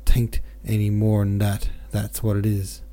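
A man voicing a young labourer who speaks in a slow, rough country dialect. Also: fairly low pitch, monotone, dark tone, lightly acted. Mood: stubborn. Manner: slow, drawling dialect speech.

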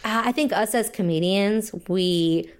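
A woman's voice: medium pitch, measured pace. A young adult woman comedian chatting casually, telling stories with lots of fillers and laughter. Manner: animated storytelling with frequent fillers and laughs. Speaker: comedian guest. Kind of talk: casual podcast chat.

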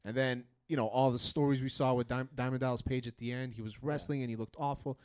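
Fast, rambling guy for casual sports talk, dry close mic. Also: medium pitch, steady tone, a little mellow, no room sound.

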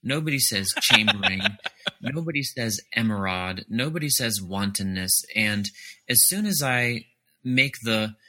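A man with a very bright, forward voice and a fairly low pitch. He answers interview questions earnestly and articulately, laying out his ideas in careful detail. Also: expressive, unhurried. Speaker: author and academic editor.

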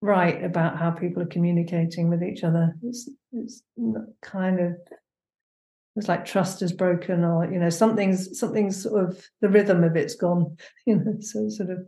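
Casting: lower-pitched woman guest, halting and thoughtful, recorded in a roomy space. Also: fairly even intonation, mellow. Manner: hesitant, searching for words, many fillers. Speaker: guest, performance maker. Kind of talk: casual conversation. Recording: echoey room.

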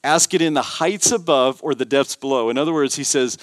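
A man's voice: medium pitch, a little fast, hardly any pauses, no echo, studio quality. A man preaching a sermon as pastor, emphatic, repeating words and building intensity. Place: church.

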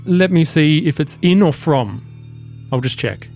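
Male game master, slightly high voice, calm and dry, faint music underneath. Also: a little slow, gravelly. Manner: calm, matter-of-fact rulings with dry humor. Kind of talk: narrating a tabletop game.

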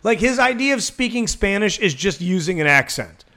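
A man's voice: high-pitched, moderate pace. A man co-hosting a podcast, ranting casually with lots of swearing. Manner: profane, animated ranting. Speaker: podcast co-host. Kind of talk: casual chat.

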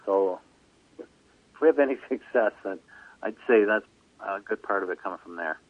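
A racing driver calling in to a radio show, talking haltingly and often saying "like I say.". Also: male voice, on the low side, animated, no room sound. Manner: halting, repeats "like I say". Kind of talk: phone-in radio interview. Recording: tinny phone line.

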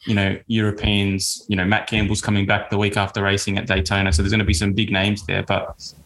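An Australian man hosting a casual podcast chat. His voice sits a bit low, and his delivery is relaxed and enthusiastic. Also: brisk. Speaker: podcast host.

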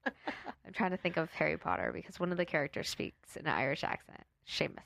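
Woman, lowish voice, casual storyteller who laughs a lot, dry close recording. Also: brisk, creaky, a bit bright, no room sound, lo-fi sound. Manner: laughs often, tries an Irish storytelling voice.

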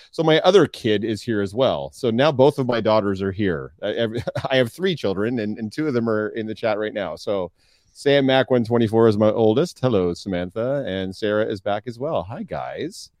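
Middle-aged man, podcast co-host, low voice, dry close sound, animated storyteller. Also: moderate pace, dry recording. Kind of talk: casual podcast chat.

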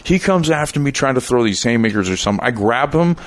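Brief: Canadian-raised man in his thirties, mid-pitched, swearing and restarting as he spins a long anecdote. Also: lively intonation, fast talker, no echo. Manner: rambling, profane, with frequent restarts and laughs. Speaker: guest. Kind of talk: casual storytelling.

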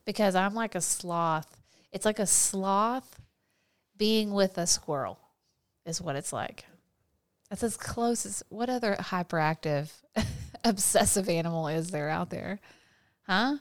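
Teasing woman with a smooth voice. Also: medium pitch, measured pace. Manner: teasing, laughs often, animated storytelling. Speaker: podcast co-host. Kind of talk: casual chat.

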